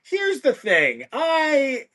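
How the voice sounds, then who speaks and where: A man putting on the voice of an egotistical record producer who boasts loudly and self-importantly. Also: very high voice, huge pitch swings, very slow, pitched above the performer's own voice, full character voice. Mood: boastful.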